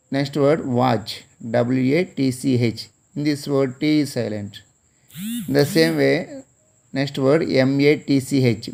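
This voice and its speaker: A man's voice: mid-range voice, creaky, a little mellow. A man from India teaching an English class with an Indian English accent, spelling words letter by letter and repeating each one.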